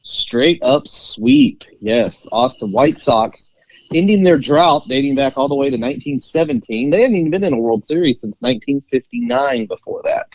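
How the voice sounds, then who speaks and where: A man co-hosting a sports podcast, his pitch bouncing and lively as he tells stories with fillers and laughs. The mic sounds dry and a little dull, with no room echo. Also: moderate pace, creaky. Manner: animated and storytelling, with frequent fillers and laughs. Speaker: podcast co-host. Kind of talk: casual sports podcast chat.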